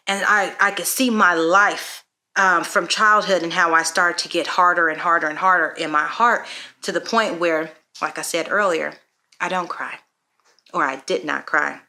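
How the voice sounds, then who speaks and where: A woman with a bright, clear voice sits lower in her range as she tells a personal story. She speaks earnestly and reflectively, pausing often to gather her thoughts. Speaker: parenting vlogger. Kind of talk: personal testimony vlog.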